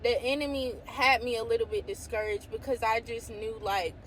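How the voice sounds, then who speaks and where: Excitable woman sharing a faith testimony. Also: a little high, moderate pace, a little hiss or hum. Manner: excitable, exclaims "What?" often, reads scripture aloud. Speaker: faith vlogger. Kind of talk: casual testimony to camera.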